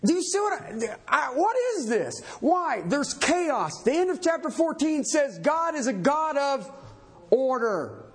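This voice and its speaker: Speaking at a measured pace in a very high-pitched voice, a male pastor delivers an emphatic, animated sermon and fires rhetorical questions at his congregation.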